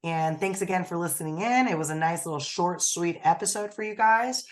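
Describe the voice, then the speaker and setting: A woman co-hosting a podcast in casual chat, excitable and rambling with fillers. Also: lowish voice, a little fast. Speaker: podcast co-host.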